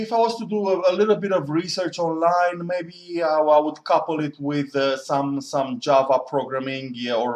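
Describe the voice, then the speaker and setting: A man's voice: medium pitch, darkish tone. A man talking in a casual, rambling monologue as a student, musing and often correcting himself. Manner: musing, digressive, self-correcting. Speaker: student vlogger. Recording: echoey room.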